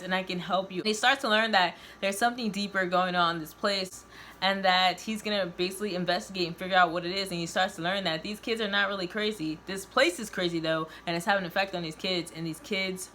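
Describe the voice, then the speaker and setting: A woman reading a first-person novel aloud, expressive and voicing each character. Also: on the low side, a little hiss or hum. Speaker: reader of her own novel.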